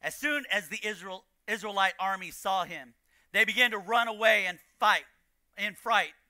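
A man preaching a sermon as pastor, building to shouted emphasis and repeating key lines. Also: high-pitched, moderate pace, no room sound, studio quality. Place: church.

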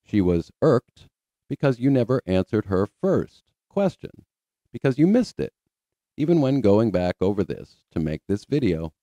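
A male host delivers a sarcastic rebuttal commentary. His voice is low and mellow. The recording is close and dry. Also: big pitch swings, normal speed, no room sound. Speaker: channel host.

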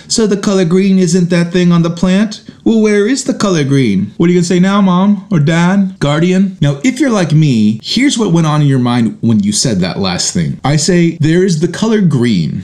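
A man's voice: mid-range voice, a little mellow. A man hosting a casual philosophy lesson, talking playfully and conversationally. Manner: playful, conversational, acts out kid voices. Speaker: host.

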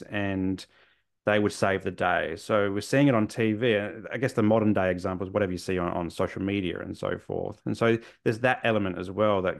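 A middle-aged man talks through his thoughts in an interview. His voice sits low and carries a gravelly rasp. He circles back and restarts often, sincere and reflective. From Australia. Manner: earnest, rambling with frequent restarts. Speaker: guest, men's mental health therapist.

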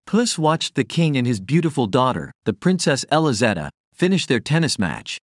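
A man narrating a children's bedtime fairy tale in a gentle, lively reading voice. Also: medium pitch, moderate pace, dry recording, clean studio sound. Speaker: storyteller.

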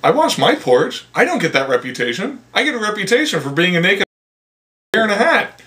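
A man's voice: sits high, big pitch swings, a little fast, sharp tone. Rambling, joking American man. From United States. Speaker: son chatting with his mother. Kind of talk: casual chat.

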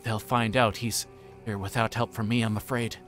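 A man's voice: lowish voice, flat delivery, normal speed, a bit bright, faint music behind, natural voice. A man voicing a fussy, anxious middle-aged male innkeeper who stammers, in a book reading. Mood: reassuring. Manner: flustered, stammering.

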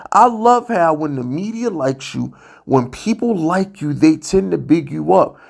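A man with a rough, fry-laced voice delivers a heated sports rant as a vlogger. His pitch sits a little high. He is blunt, profane and plainly fed up. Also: animated, measured pace, darkish tone. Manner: blunt, profane, exasperated ranting.

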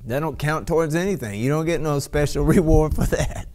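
A man preaching a sermon, speaking slowly with many restarts and breaking into ecstatic shouts of praise. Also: a little high. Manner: bursts into ecstatic shouts and hallelujahs; slow, halting delivery with many restarts.

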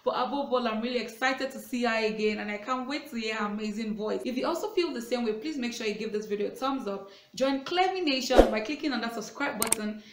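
A woman's voice: fairly high pitch, fast, few pauses, echoey room, background noise. Gushing woman hosting a reaction video. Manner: gushing, enthusiastic fan talk.

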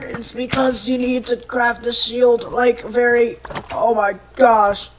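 Exasperated woman yelling through gameplay. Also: a little high, flat delivery, takes it slowly, a little hiss or hum. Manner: exasperated, often yelling and screaming at enemies; rambling, self-mocking asides. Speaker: gameplay video creator. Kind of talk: live gameplay commentary.

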